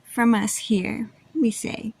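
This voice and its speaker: A woman reading a rhyming children's book aloud in a sing-song, animated storytime voice. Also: a little high, slow pace, creaky, husky, dry recording. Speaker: storytime reader.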